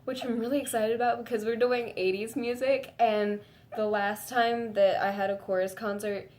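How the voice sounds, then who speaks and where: A woman vlogging to her viewers in a gushing, excitable way, full of "like" fillers and breaking into high squeals. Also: normal speed. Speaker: fan vlogger. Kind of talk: casual chat to camera.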